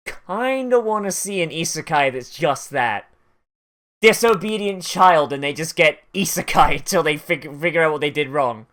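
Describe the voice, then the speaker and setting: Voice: mid-range voice, expressive, moderate pace, a bit bright. An anime reaction host giving casual watch-along commentary, rambling with lots of "like" fillers. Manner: rambling, filler-heavy "like" talk with laughs.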